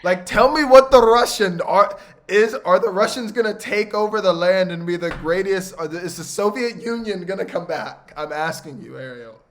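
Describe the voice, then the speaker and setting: Man, podcast host, casual chat, joking, teasing, a bit high-pitched. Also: moderate pace, fairly bright tone.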